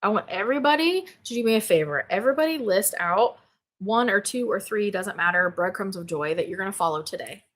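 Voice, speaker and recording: A woman's voice: medium pitch, animated, brisk. A woman hosting a spirituality live stream, chatting casually and reading out viewer comments. She is bubbly and exclamatory, laughs often and swears casually. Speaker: spirituality livestream host. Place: home office.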